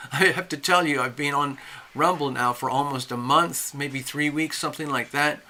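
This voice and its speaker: A man's voice: on the high side, moderate pace, pushed and bright. A man hosting a live tarot stream, talking in a rambling, opinionated way and reading out chat messages. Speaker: livestream tarot reader. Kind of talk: casual live-stream monologue.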